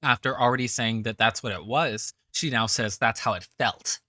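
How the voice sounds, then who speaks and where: Sarcastic, foul-mouthed reaction commentator, bright edgy tone, dry close mic. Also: medium pitch, moderate pace, no room sound. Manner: profane, sarcastic, scornful.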